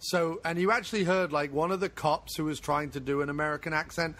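Excitable higher-voiced male podcast host. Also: fast talker. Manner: excitable, breaks into mocking put-on voices. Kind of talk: casual podcast chat.

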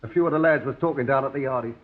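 An actor doing a shy rag-and-bone man who stammers apologetically. He talks quickly in a mid-range voice. The sound is tinny and narrow, like an old 1960s TV broadcast. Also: mid-range voice, close to an everyday voice. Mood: awkward. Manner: hesitant and stammering, many fillers. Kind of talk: 1960s television sitcom acting.

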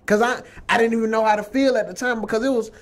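A man appearing as a guest, telling stories from his acting work in a relaxed, slangy, conversational way. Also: very high voice, fast. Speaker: guest actor. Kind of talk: casual chat.

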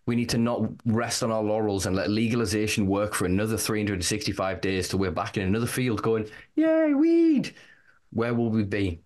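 A man's voice: lowish voice, steady tone, quick pace, hardly any pauses. A man, a podcast guest, speaking fervently and rallying listeners, swearing freely. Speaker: guest, cannabis rights campaigner. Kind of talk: passionate podcast talk.

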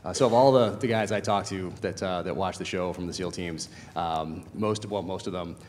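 Deep-voiced man moderating in a hall. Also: fairly quick, darkish tone. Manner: enthusiastic, friendly, many fillers. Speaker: panel moderator. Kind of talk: casual interview questions. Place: screening venue stage. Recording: echoey venue hall with faint noise.

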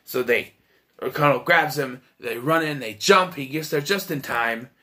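A man's voice: mid-range voice, a little slow, bright, forceful tone. A man giving a casual, blunt and profane spoken film review, with frequent restarts as he talks.

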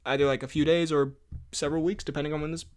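A man's voice: on the high side, flat delivery, rapid-fire. A man hosting a podcast in casual chat, talking loosely and laughing often between remarks. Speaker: podcast host.

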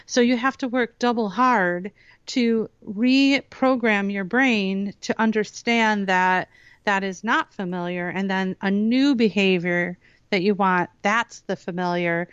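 A woman guest on a talk radio show explaining hypnosis in a lively way, acting out the voices she quotes. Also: medium pitch, unhurried, smooth, no room sound. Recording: dull lo-fi radio audio.

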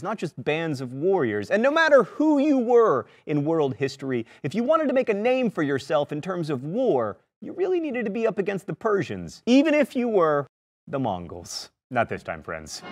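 A man hosting a history lesson, narrating a script quickly with jokey, wry asides. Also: fairly high pitch. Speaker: history educator host.

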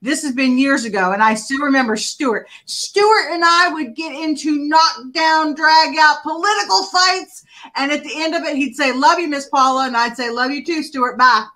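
Bright high-voiced woman hosting a live chat. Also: normal speed, low-quality recording. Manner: chatty, animated storyteller. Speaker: talk show host.

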